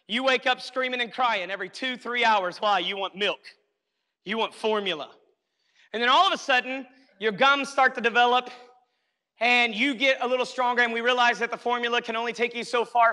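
High, bright-voiced preacher man in a reverberant hall. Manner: emphatic, repetitive, addresses the congregation with "hey, listen". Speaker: pastor. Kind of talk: sermon. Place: church sanctuary.

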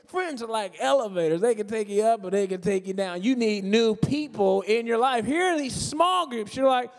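A high-pitched man delivers a lively, joking sermon, slipping into the voices of different churchgoers as he talks. His voice rings out with the long reverb of a big church hall. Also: normal speed, few pauses. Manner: animated, acts out voices of churchgoers, jokey asides. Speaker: guest preacher. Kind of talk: humorous conversational sermon. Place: large church sanctuary.

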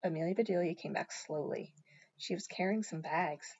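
A woman reading a children's storybook aloud, animated, with chatty asides to the listener. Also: lowish voice, normal speed, husky, highs cut off. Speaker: storybook reader.

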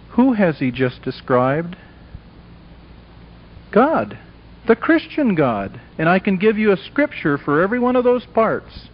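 A man with a fairly high voice delivers an evangelistic lecture to a live audience, emphatic and dramatic. He slips into the voices of characters as he tells a story. The sound is a dull, lo-fi old tape recording. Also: big pitch swings, measured pace, pauses often. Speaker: Christian speaker. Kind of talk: evangelistic lecture with acted dialogue.

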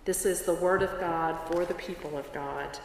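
A woman pastor preaching a sermon in a church sanctuary, telling a story in an unhurried way. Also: on the low side, fairly even intonation, gravelly, slight background noise. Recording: echoey church with long reverb, faint ambience.

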